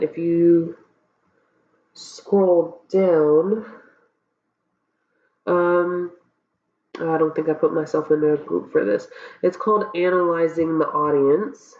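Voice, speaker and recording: A woman's voice: low voice, darkish tone. Stuffy woman instructor, roomy lo-fi recording. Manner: casual, checks in with frequent okays and ums. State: stuffy from a cold. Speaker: college public speaking instructor. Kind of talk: recorded course walkthrough lecture.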